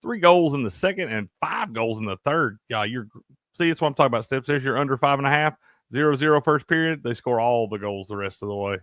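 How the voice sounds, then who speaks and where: Profane, animated man talking sports bets. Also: mid-range voice, fast talker, no room sound, clean studio sound. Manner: profane, animated, laughs a lot. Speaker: sports betting show co-host. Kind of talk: casual sports chat.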